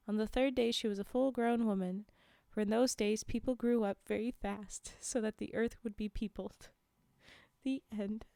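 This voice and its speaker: A young adult woman reading folktales aloud on a livestream, chatty, pausing for casual asides and fillers. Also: medium pitch, creaky, warm tone, clear, resonant tone, no echo, clean studio sound. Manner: chatty, frequent laughs and fillers while reading. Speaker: livestream storyteller.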